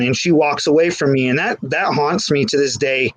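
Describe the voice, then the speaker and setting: A man's voice: fairly high pitch, normal speed, few pauses, dry recording, poor audio. A man telling a candid, rambling personal story in casual talk, with many restarts. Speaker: guest. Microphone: phone.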